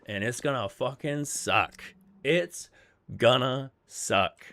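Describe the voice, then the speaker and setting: A man's voice: medium pitch, slow, a bit bright. A man streaming a game, telling a story in casual chat, rambling and swearing freely as he repeats himself. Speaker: streamer hosting a game server.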